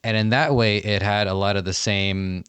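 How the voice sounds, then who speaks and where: A male podcast host with a deep, resonant voice talks through his ideas in a reflective, measured way. The sound is dry and close, with no room around it. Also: steady tone, fairly bright tone, clear, resonant tone, no echo. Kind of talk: podcast interview conversation.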